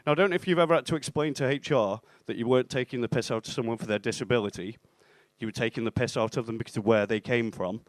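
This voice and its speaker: A young man delivers a stand-up set on a club stage, deadpan and self-mocking, slipping into bits of dialogue as he goes. His voice sits in a mid range and comes through a handheld mic that sounds dry and close. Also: mid-range voice, fast talker, hardly any pauses, no room sound. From England (Stoke-on-Trent). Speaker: stand-up comedian.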